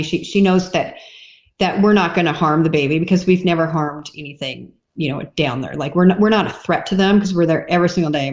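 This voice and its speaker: A woman who runs a farm, a podcast guest, talking casually about her cattle with many restarts. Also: fairly low pitch. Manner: chatty, with many restarts and "you know". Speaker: guest farmer. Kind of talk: casual conversation. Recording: roomy echo.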